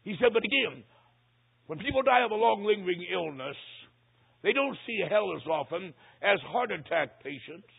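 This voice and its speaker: Older male preacher, dramatic sermon storyteller, high husky voice, tinny lo-fi sound. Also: lively intonation. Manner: dramatic storyteller, slows for emphasis. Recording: tinny phone-like recording.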